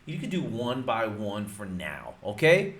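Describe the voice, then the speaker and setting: A man coaches his viewers in a loose, emphatic way. He repeats key points and calls his audience folks. His pitch swings a lot, and the room gives his voice a noticeable echo. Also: wildly swooping pitch, unhurried, fairly bright tone. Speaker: real estate wholesaling instructor. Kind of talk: casual instructional talk to camera. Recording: roomy echo.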